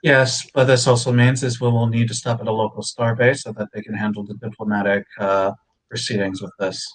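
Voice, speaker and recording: A man's voice: on the low side, flat delivery, a little fast. A man playing the ship's doctor in a tabletop game, raising practical points. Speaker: player voicing the ship's doctor. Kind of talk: casual tabletop role-play.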